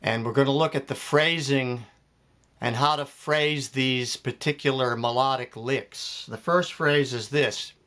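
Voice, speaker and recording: In this spoken music lesson, a man walks through jazz piano phrasing one step at a time, counting beats aloud. His mid-range voice stays even and a touch unhurried, with loud piano sounding in the background.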